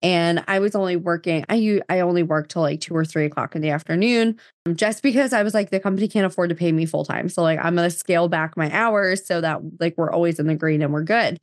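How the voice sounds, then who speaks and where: Chatty low-voiced woman from New Jersey. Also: fast, no echo, clean studio sound. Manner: chatty, many fillers and quoted dialogue. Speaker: podcast guest. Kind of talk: casual storytelling.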